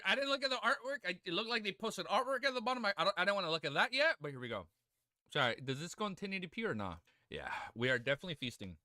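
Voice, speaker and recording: Young male streamer, animated and bright, excitable and teary, curses freely. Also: sits high, no echo, clean studio sound. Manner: excitable, swearing, laughing often. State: tearful. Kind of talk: live reaction stream.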